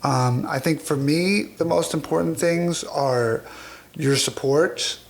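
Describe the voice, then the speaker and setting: A man's voice: fairly high pitch, a little slow. A man hosting a podcast in loose, self-deprecating casual chat. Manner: loose, rambling, self-deprecating, with frequent fillers. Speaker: podcast host.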